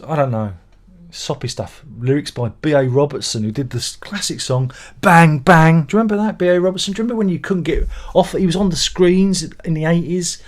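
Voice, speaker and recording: A man's voice: a little high, fairly quick. A middle-aged man chats loosely on a home live stream and reads viewer comments aloud. He rambles from thought to thought with a sardonic, grumbling edge and mock-exasperated asides. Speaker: livestream host reading viewer comments. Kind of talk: casual live-stream chat.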